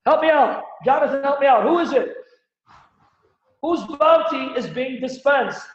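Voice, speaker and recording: Animated high-pitched man quizzing listeners. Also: measured pace. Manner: animated, rhetorical questions, presses listeners for answers. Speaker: Christian apologist host. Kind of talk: livestream Bible-Quran debate teaching. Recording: echoey, dull lo-fi stream audio.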